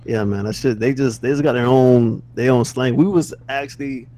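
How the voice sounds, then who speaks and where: A man's voice: mid-range voice, moderate pace, mellow. A man co-hosting a casual podcast chat, laid-back, slangy and profane, often laughing. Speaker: podcast co-host.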